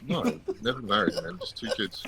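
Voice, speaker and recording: A man's voice: on the low side, big pitch swings, fairly quick, background noise. A man in his thirties chatting laid-back in game voice chat. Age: 30s. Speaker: gamer in voice chat.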